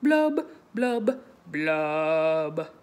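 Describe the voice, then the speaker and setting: A woman's voice: low voice, very animated, very slow, a little mellow, voice pushed down, exaggerated voice. A woman doing a glum, pouty storybook fish. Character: glum pouty male fish who sighs "blub". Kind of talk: reading a picture book aloud to children.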